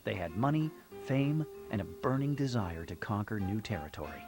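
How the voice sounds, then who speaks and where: A man with a fairly low voice narrates a television documentary in a measured, storytelling manner. His scripted lines sit over loud background music. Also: sing-song.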